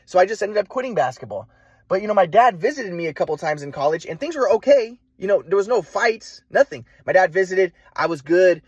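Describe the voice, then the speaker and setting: Fast-talking husky young man ranting. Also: high-pitched, expressive, dry recording. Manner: profane, restless, many restarts. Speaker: vlogger. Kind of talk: rambling personal monologue.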